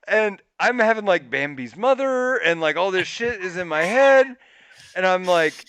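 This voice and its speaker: A man co-hosting a podcast, telling a story in a casual, animated way, swearing and jumping to a squeaky high pitch when he quotes himself. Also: moderate pace, no echo. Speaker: podcast co-host.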